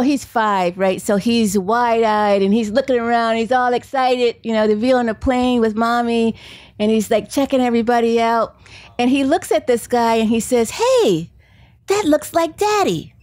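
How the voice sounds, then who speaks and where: A woman with a fairly high voice tells a story at a bookstore author talk, chatty and quick to laugh. She acts out the lines she quotes. The sound is dry and close. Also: fairly even intonation, a little mellow, no room sound. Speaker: author and psychology professor.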